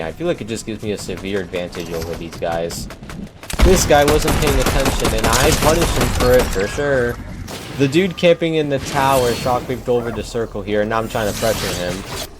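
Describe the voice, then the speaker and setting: Laid-back young man over loud gunfire. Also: medium pitch, heavy background noise. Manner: laid-back, self-mocking, joking. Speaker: gaming YouTuber. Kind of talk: casual gameplay commentary. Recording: loud gunfire and game sounds behind.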